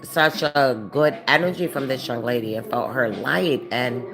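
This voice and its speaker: A woman's voice: very deep voice, normal speed, vocal fry. A woman in her forties chatting casually for her vlog, exclamatory and rambling, with lots of asides. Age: 40s. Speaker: vlogger. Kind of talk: casual reaction chat. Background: music playing.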